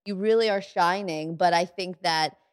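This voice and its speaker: A woman's voice: lowish voice, normal speed, clear, resonant tone, no room sound. A woman co-hosting a podcast in casual chat, rambling with lots of "like" and "you know", on a studio microphone. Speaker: podcast co-host.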